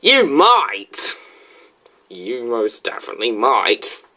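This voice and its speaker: A woman's voice: very deep voice, big pitch swings, takes it slowly, sharp tone. A woman hosting a reaction video, talking in a casual, chatty, defensive way. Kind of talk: casual spoken commentary.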